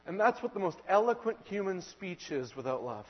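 A male preacher giving an earnest sermon, slowing down and pressing hard when he quotes scripture. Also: high voice, very animated, slightly rough. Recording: dull lo-fi sound in a reverberant hall.

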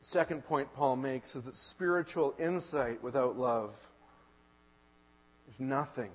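A male preacher giving an earnest sermon, slowing down and pressing hard when he quotes scripture. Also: mid-range voice, breathy edge. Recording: dull lo-fi sound in a reverberant hall.

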